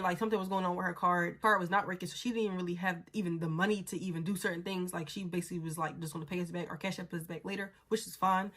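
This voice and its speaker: A woman's voice: fairly low pitch, fairly bright tone. A young adult woman telling a story in a casual, blunt and profane way, sounding exasperated as she recounts it.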